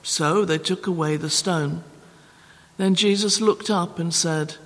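High-voiced man reading scripture slowly. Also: fairly bright tone, in a large hall. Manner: measured, careful delivery. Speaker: scripture reader. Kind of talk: Bible reading.

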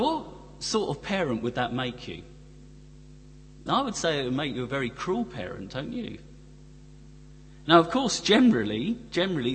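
Preacher with a long hall echo. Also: male voice, medium pitch, a bit bright. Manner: rhetorical questions to the congregation. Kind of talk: sermon. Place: church. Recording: long reverb from a church hall, faint hum.

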